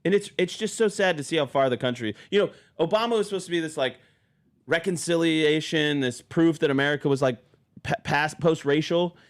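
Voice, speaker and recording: A man hosting a podcast in casual political chat, speaking emphatically and with indignation, and quick to laugh. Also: a little high. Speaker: podcast host. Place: podcast studio.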